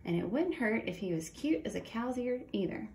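A woman's voice: on the high side, lively intonation, moderate pace, vocal fry, mellow, slight background noise. A woman voicing a rich young ranch woman who wants a husband, in a folksy storybook delivery. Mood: determined.

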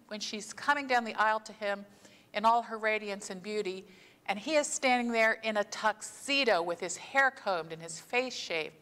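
A woman pastor giving a sermon in a conversational storytelling way, slowing down to stress key phrases. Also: on the high side, fairly bright tone. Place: church sanctuary. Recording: long church reverb.

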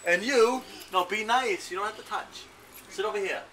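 A man's voice: high voice, normal speed, heavy background noise. A father playing a game with his children, teasing them with mock threats in playful banter. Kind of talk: playful home-video banter.

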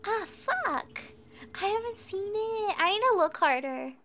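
Woman, high voice, gameplay streamer, casual chat, swears and laughs a lot, faint music underneath. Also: lively intonation, slow pace. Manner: chatty, swears and laughs often. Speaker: VTuber streamer.

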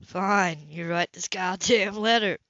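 A woman reading the part of a gruff, impatient grown man. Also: lowish voice, takes it slowly, fairly bright tone, no echo, muffled recording.

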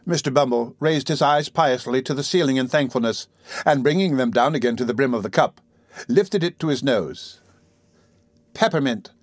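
A man reading a classic novel aloud as an audiobook narrator, in a measured, theatrical way. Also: mid-range voice, no room sound, clean studio sound. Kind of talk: scripted narration.

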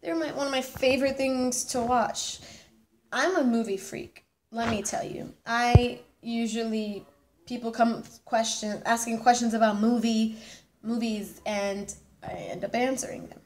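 A young woman of nineteen talks to camera in a relaxed, bubbly vlog style. She rambles and restarts her sentences as she goes. Her voice sits a little high, with a faint hiss of noise under it. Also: a little slow. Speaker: vlogger. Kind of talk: casual vlog chat.

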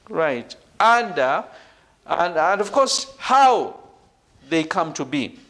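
A man teaching a PhD seminar, stressing key words and checking in with "right?" and "ladies and gentlemen". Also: high voice. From Uganda. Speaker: university lecturer. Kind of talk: online PhD seminar lecture.

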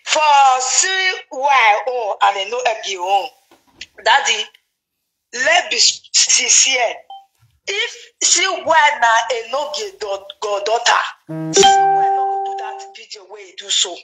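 A woman with a Nigerian Pidgin accent talks gossip in a casual, animated chat. Her voice sits high and bright, and she repeats words for emphasis. She sounds excitable throughout. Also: unhurried, soft background music, poor audio. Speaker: gossip commentator.

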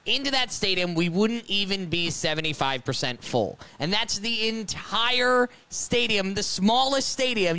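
A man co-hosts a podcast with a bright, forward voice that sits a little high. He walks through a statistic and builds up to his point with emphasis. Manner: explains stats with emphatic build-up. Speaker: podcast co-host. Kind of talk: casual chat.

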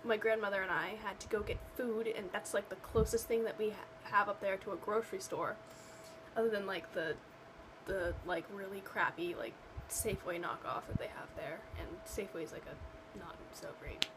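Against a noisy background, a young woman with a mid-range voice vents to camera at a normal speed in a casual vlog rant. She sounds exasperated and sarcastic, rambling and leaning heavily on fillers.

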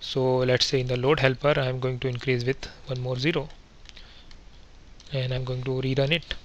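A man teaching software testing in a screen-recorded coding tutorial, explaining each step methodically with fillers and self-corrections. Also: medium pitch, little pitch movement, normal speed, dull audio, a little hiss or hum.

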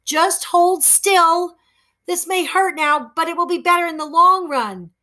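A woman voicing a small, kind boy in a high, squeaky voice. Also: animated, normal speed, bright, forceful tone, exaggerated voice. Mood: urgent, soothing.

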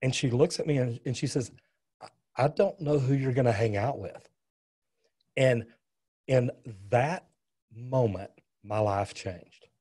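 A middle-aged plumber from the US West Coast appears as an interview guest, telling his story in an earnest way. His husky, dark voice sits at medium pitch and moves at a measured pace, with frequent pauses and many stumbling restarts.

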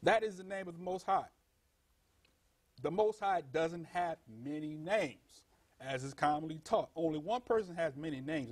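A man's voice: a little high, breathy edge. A man who is a guest on a talk show, teaching religious ideas emphatically and stretching out key words. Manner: emphatic, drawn-out teaching, urging listeners.

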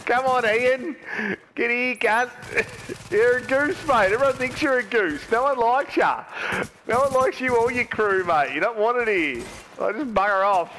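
A man's voice: very high voice, moderate pace, a bit bright, slight background noise. A young man trash-talking other players while gaming, taunting and jeering with frequent laughter. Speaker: gamer.

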